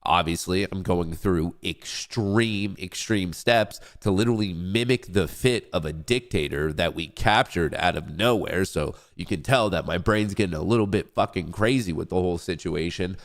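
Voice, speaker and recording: This young man hosts a casual trading livestream with a deep voice at normal speed, barely pausing. He sounds congested and stuffy-nosed, rambling, joking about himself, and hyping himself up between updates.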